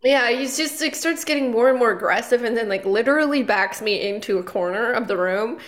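A woman's voice: fairly high pitch, brisk, fairly bright tone. A woman comedian co-hosting a podcast, telling a story in a rambling casual way with lots of fillers and restarts. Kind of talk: casual chat.

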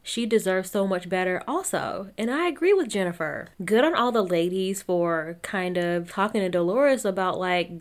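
A woman's voice: on the low side, expressive, normal speed, darkish tone. A young woman giving a casual, opinionated recap of a reality TV show, laughing often and talking to her listeners as y'all.

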